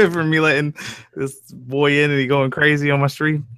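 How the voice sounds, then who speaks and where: A man's voice: fairly high pitch, unhurried, a bit bright, a little hiss or hum. An easygoing man hosting a stream, chatting casually and laughing often. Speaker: stream host. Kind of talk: casual chat.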